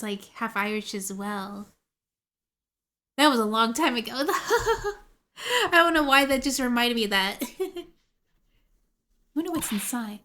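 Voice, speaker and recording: An American woman streams a game, chatting and giggling with her viewers in a casual way. Her voice is high-pitched with a fairly bright tone.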